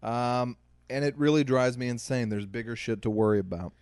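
Young man, podcast co-host, casual chat, animated storyteller, dry close mic. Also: mid-range voice, clear, resonant tone, no echo. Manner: animated storyteller, quick asides.

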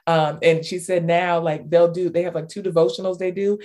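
A woman author as an interview guest, telling stories with lots of fillers and bursts of excitement. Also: on the low side, fairly quick. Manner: animated storyteller, many fillers, squeals in retold cheers. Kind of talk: casual interview talk.

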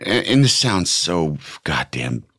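A man's voice: deep voice, takes it slowly, husky. A middle-aged man chatting casually, rambling and stopping himself mid-sentence. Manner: rambling, self-interrupting, lively delivery. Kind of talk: casual chat.

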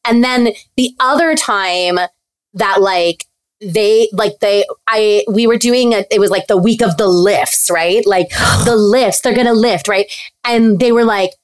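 A middle-aged woman telling a story as a podcast guest, animated and full of "like", acting out what people said. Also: mid-range voice, measured pace. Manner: animated, heavy use of "like", acts out quotes. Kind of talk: casual storytelling.

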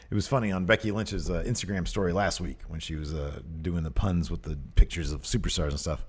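A man's voice: sits low, fairly even intonation, brisk, few pauses, darkish tone, breathy edge. A man co-hosting a casual podcast, chatting and reading out listener questions with emphasis. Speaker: podcast co-host. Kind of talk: casual wrestling podcast chat.

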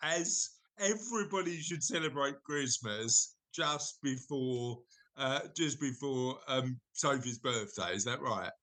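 A man's voice: mid-range voice, lively intonation, slow, bright, forceful tone. A middle-aged man, hosting a podcast in a rambling, jokey, self-correcting chat. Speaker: podcast host. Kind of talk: casual chat.

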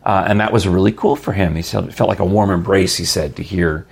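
A man with a very low, gravelly voice hosts a casual podcast. He rambles through an ad read and friendly chat, with a husky edge to his tone. He laughs easily between his points. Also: fairly even intonation, a little fast. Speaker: podcast host.

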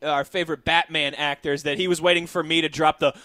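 Male sports radio co-host, high bright tone, dry studio sound, reads listener questions. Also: flat delivery, a little fast, dry recording. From Pittsburgh area. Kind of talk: casual sports radio chat. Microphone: studio microphone.

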